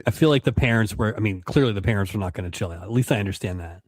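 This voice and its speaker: A man's voice: fairly low pitch, rapid-fire, a little mellow, no echo, clean studio sound. A man co-hosting a podcast, giving a wry, sarcastic recap in casual chat. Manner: wry, sarcastic, quotes characters in put-on voices. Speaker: podcast co-host.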